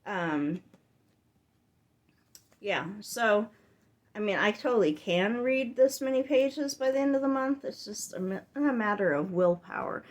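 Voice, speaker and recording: A woman's voice: on the high side, animated, measured pace, a little hiss or hum. Rambling, chatty woman book vlogger. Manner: rambling with tangents and many filler "like"s; chatty and exasperated when complaining. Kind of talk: casual reading update vlog.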